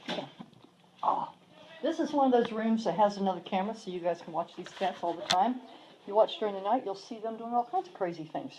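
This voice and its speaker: A woman's voice: mid-range voice, lively intonation, fast, background noise. A woman showing viewers around a cat sanctuary in a casual filmed tour, talking to the cats in cooing baby talk. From from the southern United States. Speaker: cat sanctuary worker giving a shelter tour.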